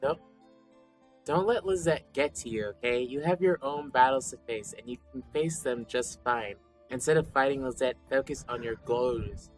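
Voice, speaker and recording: A podcaster voicing a kind female school staff member, reading game lines plainly and calmly. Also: mid-range voice, normal speed, soft background music, close to an everyday voice, low-quality recording. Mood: reassuring. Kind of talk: reading game dialogue aloud.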